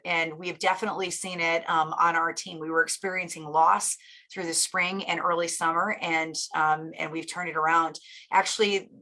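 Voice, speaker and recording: A middle-aged woman hosting a live stream, chatting casually in an upbeat, gushing way while a bit hoarse from losing her voice. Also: lowish voice, pushed and bright. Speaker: live-stream host and teacher.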